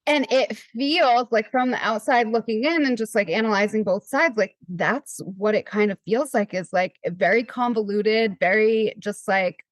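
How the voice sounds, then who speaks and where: A woman hosts a podcast at a middle pitch, chatty and relaxed, her talk full of fillers. Her voice is recorded dry and close. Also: normal speed, few pauses, dry recording. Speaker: podcast host. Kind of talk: casual podcast conversation.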